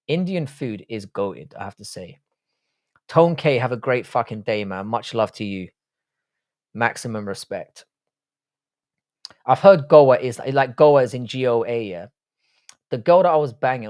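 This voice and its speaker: A young man with an Irish accent runs a casual livestream and answers his chat in a blunt, foul-mouthed way. He talks loosely and jokes back at viewers at a middling pitch. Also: darkish tone. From Republic of Ireland. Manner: profane, blunt, banters with chat. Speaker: livestream host reading chat.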